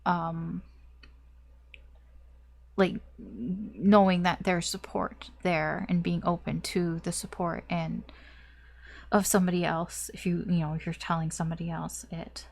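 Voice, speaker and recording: A woman's voice: fairly low pitch, fairly even intonation, measured pace, vocal fry, darkish tone. A woman doing a casual tarot reading to camera, rambling with many fillers and restarts, and swearing now and then. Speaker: tarot reader.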